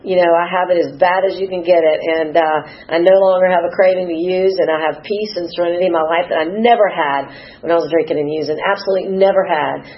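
A woman's voice: on the low side, fairly even intonation, quick pace. Brief: woman, 50s, emotional testimony, teary and rambling, lo-fi sound. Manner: emotional, rambling, acts out quoted dialogue. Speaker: recovery meeting speaker. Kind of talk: personal testimony.

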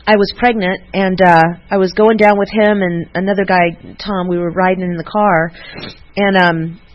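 Woman giving a halting personal tribute. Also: medium pitch, steady tone. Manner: halting, with many fillers and restarts. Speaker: speaker at a recovery meeting. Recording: muffled lo-fi recording.

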